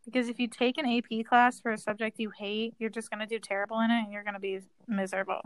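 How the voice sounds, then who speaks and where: A teenage girl co-hosting a casual podcast, excitable and animated as she tells stories. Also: a little high, fast talker, clear, resonant tone, dry recording, low-quality recording. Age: teens. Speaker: podcast co-host. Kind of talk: casual chat.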